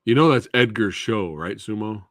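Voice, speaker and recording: Male streamer, relaxed and chatty with viewers; low pitch that swings a lot, dry room. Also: normal speed, no echo. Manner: laid-back, answering viewers by name. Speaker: live stream host. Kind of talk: casual live Q&A chat.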